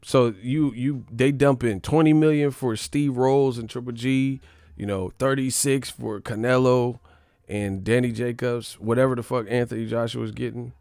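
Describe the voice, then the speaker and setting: A man's voice: mid-range voice, steady tone, moderate pace, darkish tone, clear, resonant tone, no echo, clean studio sound. A man hosting a boxing show, ranting in casual live commentary, blunt and profane, rambling with laughs.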